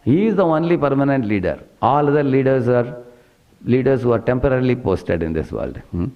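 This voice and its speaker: A man voicing a calm, wise male sage who patiently lectures a king. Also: mid-range voice, brisk, muffled recording, lightly acted.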